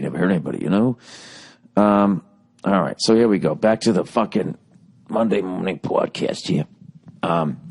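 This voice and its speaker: A man's voice: mid-range voice, a little mellow. A man hosting his own podcast, reading ads with sarcastic, profane asides and then ranting casually, his voice worn from nightly shows. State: voice going hoarse from shows. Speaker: podcast host. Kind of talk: casual solo podcast rant with ad reads.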